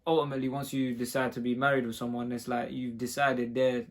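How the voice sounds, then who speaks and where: Brief: young man, relaxed co-host, easygoing and agreeable, jokes now and then. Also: medium pitch, fast talker. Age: young adult. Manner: laid-back, agreeable, jokey. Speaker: vlog co-host, husband. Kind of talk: casual couple Q&A chat.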